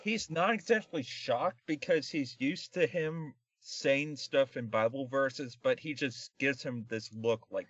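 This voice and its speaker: A man's voice: mid-range voice, measured pace, hardly any pauses, a bit bright, slightly rough, no room sound, muffled recording. A man co-hosting a casual comedic film review podcast, rambling and sarcastic with lots of fillers. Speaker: podcast co-host.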